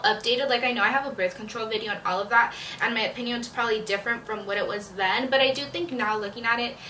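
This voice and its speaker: A woman's voice: on the high side, pushed and bright, recorded from a distance, a little hiss or hum. A young woman vlogging in a frank, chatty way, swearing and filling her talk with "like", recorded in an echoey room a bit away from the mic. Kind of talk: casual confessional chat.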